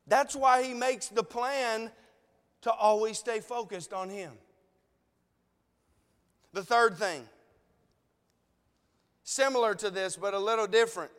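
Earnest preacher, a man with a very high voice, chatty, long hall echo. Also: a bit bright. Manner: earnest, conversational, repeated rhetorical questions. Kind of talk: sermon. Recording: long reverb of a large hall.

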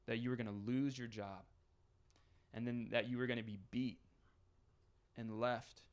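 A man's voice: medium pitch, fairly even intonation, moderate pace, clear, resonant tone. Conversational preacher man. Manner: conversational, builds scenarios with rising intensity. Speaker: pastor. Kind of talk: sermon.

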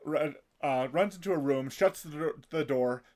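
A man's voice: on the high side, normal speed, a little mellow. A man in casual chat, retelling an episode in detail with frequent restarts and fillers. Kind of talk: casual chat recapping an anime.

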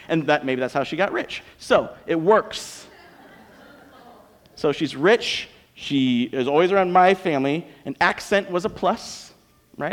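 A man with an American accent preaching a sermon as a pastor, conversational and joking. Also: fairly high pitch. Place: church auditorium. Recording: long reverb of a church hall.

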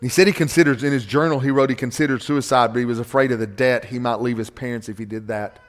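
A middle-aged man preaching a sermon from a church stage, emphatic and animated, repeating key phrases for effect. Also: medium pitch, fast. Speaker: pastor. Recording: long hall reverb from a church stage.

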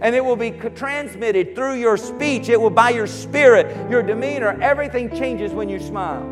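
A man preaching a sermon as pastor, animated, shouting at times and dropping low at others. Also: moderate pace, long reverb tail, music in the background.

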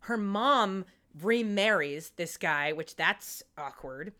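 A woman co-hosting a casual chat show, recapping a TV episode in an animated, playful way with frequent laughs. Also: mid-range voice, slow pace. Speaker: podcast co-host.

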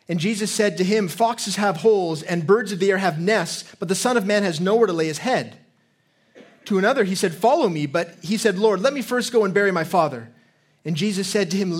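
A middle-aged male pastor preaching with earnest conviction, his voice sitting a little high for a man. He repeats and restarts words as he presses his point. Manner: earnest preaching with frequent restarts, dropping to a quiet storytelling voice. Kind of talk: sermon.

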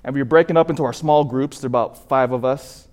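A man's voice: mid-range voice, fast, darkish tone. A man from California, a priest, preaching a sermon in an earnest storytelling manner that rises for emphasis.

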